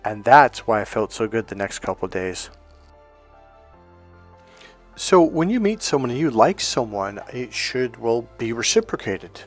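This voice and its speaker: A man's voice: medium pitch, sing-song, measured pace, pauses often, soft background music. A man coaching on relationships, talking candidly in a casual monologue and acting out what other people said to him.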